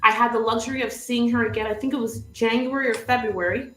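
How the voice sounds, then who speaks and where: A woman's voice: on the high side, steady tone, quick pace, a bit bright, echoey room, poor audio. A woman coach hosting a livestream, telling a story vividly and laughing often. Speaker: business coach, show host.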